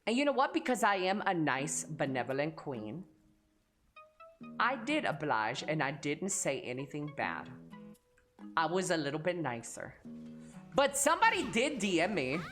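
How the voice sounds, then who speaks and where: Young woman streamer, casual chat, profane and teasing, lively swooping pitch, faint music behind. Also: unhurried.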